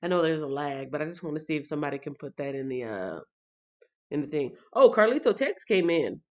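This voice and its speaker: A woman's voice: low-pitched, sing-song, fairly quick, lo-fi sound. A woman hosting a casual livestream Bible reading, chatting straight to her viewers. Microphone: computer or phone mic on a livestream.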